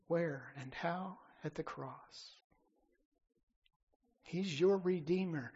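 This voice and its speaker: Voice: medium pitch, takes it slowly, pauses often, mellow, husky, highs cut off. A pastor preaching a sermon with emphatic declarations that build and then drop back down.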